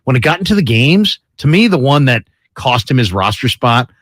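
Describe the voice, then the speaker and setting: Man, sports radio co-host, animated pitch swings, opinionated, dry studio mic. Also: normal speed, no echo. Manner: lively storyteller, opinionated. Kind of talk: casual sports radio banter.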